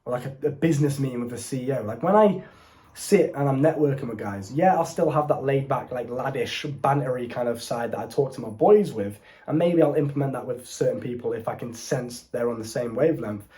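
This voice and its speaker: A young man talks straight into the camera, coaching the viewer on dating in a blunt, slangy way. His voice is dark and mellow, set at an ordinary middle pitch. He sits indoors, speaking as if to a mate. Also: fairly quick. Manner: casual slangy and blunt, addresses viewer as bro. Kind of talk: direct-to-camera advice talk. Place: indoors, seated before a camera.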